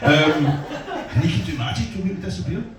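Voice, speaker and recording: Scottish male stand-up, crude and self-mocking, lively delivery; distant mic in a very roomy club. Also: on the high side, fairly quick. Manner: crude, self-deprecating, banters with the crowd. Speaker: stand-up comedian. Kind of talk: stand-up set. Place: comedy club. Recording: echoey club from far off, loud noise.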